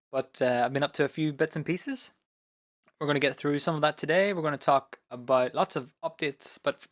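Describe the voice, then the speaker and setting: A man's voice: mid-range voice, no room sound. Rambling male live stream host, dry sound. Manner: relaxed, rambling, many fillers. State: voice going hoarse. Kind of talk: casual live stream chat. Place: home studio.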